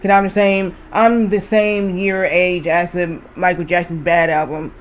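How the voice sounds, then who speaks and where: A man's voice: high voice, level tone, measured pace, a little hiss or hum. A man in his thirties chatting casually while streaming a game, rambling and often correcting himself. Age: 30s. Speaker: livestreamer.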